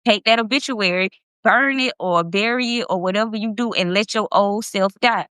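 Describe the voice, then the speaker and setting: A woman's voice: mid-range voice, moderate pace, a bit bright, no room sound. A woman of about thirty hosting a casual livestream, talking in an emphatic, impassioned way and swearing freely. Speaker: livestream host.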